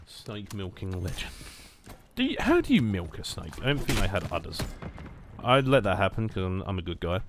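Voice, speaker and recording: A man's voice: low voice, very animated, normal speed, a little hiss or hum. A British man of twenty-seven giving casual, self-mocking gameplay commentary in a rambling, sarcastic way. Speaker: gaming streamer. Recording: loud gunfire over voice.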